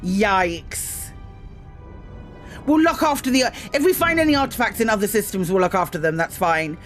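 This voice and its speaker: A woman's voice: medium pitch, expressive, normal speed, soft background music. A woman streaming a space game, chatting casually with her viewers, greeting them in bursts, with frequent ums and self-mocking asides. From Britain. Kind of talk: casual live-stream chat.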